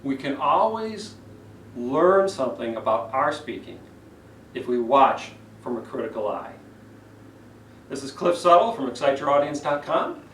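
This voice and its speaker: A man who is a public speaking coach giving an animated speech evaluation lesson, acting out vocal examples as he goes. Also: medium pitch, unhurried, slight background noise. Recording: roomy echo, distant mic.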